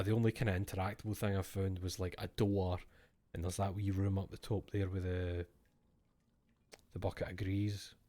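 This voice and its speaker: A man's voice: on the low side, mellow. A man with a Scottish accent giving casual, jokey commentary while playing a game, reading its text aloud and swearing often. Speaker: let's-play streamer.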